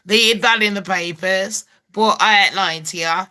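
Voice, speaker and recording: Brash, bright-voiced woman gossiping. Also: medium pitch, moderate pace, slight background noise. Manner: brash, swearing, laughs a lot. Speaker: gossip vlogger. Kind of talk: casual gossip rant.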